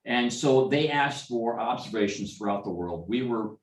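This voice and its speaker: A man's voice: mid-range voice, animated, normal speed. A middle-aged man telling rambling, anecdotal stories at an informal club meeting, with many restarts and asides. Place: meeting room. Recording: echoey room, speaker far from mic.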